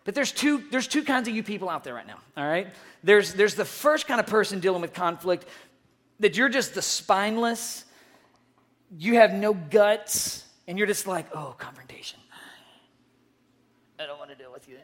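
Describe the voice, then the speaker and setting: A woman's voice: medium pitch, expressive, moderate pace. Casual, conversational woman youth pastor preaching. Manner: acts out quoted voices to make points. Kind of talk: sermon.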